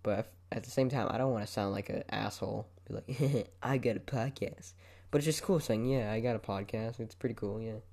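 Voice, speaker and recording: A man's voice: fairly low pitch, quick pace, gravelly, few pauses, warm tone. A young man hosting his own podcast, talking casually and rambling into a microphone while moving his head, with frequent swearing. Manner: rambling, laid-back, swears often. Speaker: podcast host. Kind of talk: casual solo podcast monologue. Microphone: microphone, head moving around it.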